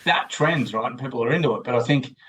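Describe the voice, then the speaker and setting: A man's voice: mid-range voice, quick pace, fairly bright tone, a little hiss or hum, poor audio. A man with an Australian accent, a podcast guest talking at length in a loose, rambling way full of restarts. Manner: rambling, many restarts and fillers. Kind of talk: casual interview chat.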